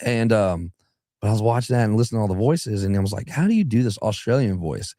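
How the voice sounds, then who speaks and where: On a radio show, a young man from southeastern Alabama who sings talks casually and rambles, often restarting and now and then breaking into put-on voices. He speaks fast and animatedly in a lowish, dark-toned voice. The sound is dry and clean, from a studio.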